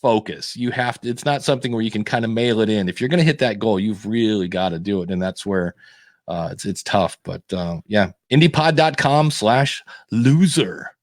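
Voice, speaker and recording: A man's voice: fairly low pitch, normal speed, no echo, clean studio sound. A man who is a podcast guest, explaining practical tips in an easygoing, casual chat. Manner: explanatory, practical, laid-back.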